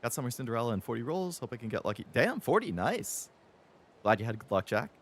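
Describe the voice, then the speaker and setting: Man, twenties, game streamer, heated profane rant, lively swooping pitch, sarcastic. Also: quick pace. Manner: heated, profane, mocks companies in sarcastic put-on voices. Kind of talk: ranting live-stream chat.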